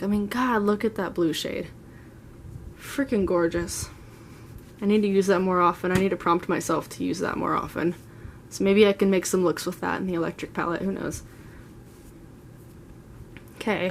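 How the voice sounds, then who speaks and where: A woman's voice: medium pitch, gravelly, a little hiss or hum. Gushing young woman vlogger, chatty. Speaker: beauty vlogger. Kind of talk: casual makeup collection tour. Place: at home, seated.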